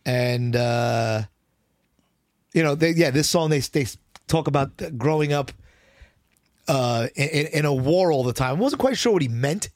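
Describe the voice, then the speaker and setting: A man co-hosting a podcast, chatting casually about songs with rambling restarts, swearing often, his voice hoarse and worn out. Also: on the high side, animated, a little slow, long pauses, darkish tone, no room sound, clean studio sound. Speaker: podcast co-host. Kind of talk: casual chat about music.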